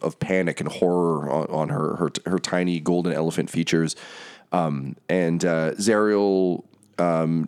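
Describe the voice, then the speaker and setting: A man narrating a tabletop game as game master, descriptive and halting with many fillers. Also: very deep voice, darkish tone, clear, resonant tone.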